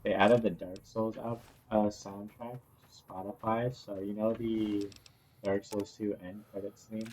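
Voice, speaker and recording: Young male co-host, low pitch, hushed and casual, slang-heavy. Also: flat delivery, measured pace, slight background noise. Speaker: podcast co-host. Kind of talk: casual chat.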